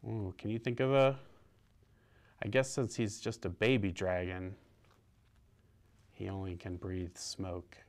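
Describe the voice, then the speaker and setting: Soft-spoken male children's storyteller. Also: sits low, little pitch movement, a little slow, pauses often. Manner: gentle, soft-spoken, sing-song. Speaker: library storyteller.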